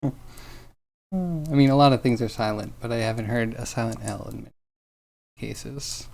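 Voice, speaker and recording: A man's voice: medium pitch, normal speed, creaky, a little mellow. A man streaming as he sculpts, musing aloud in a rambling way and chuckling now and then. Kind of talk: casual talk while sculpting on stream.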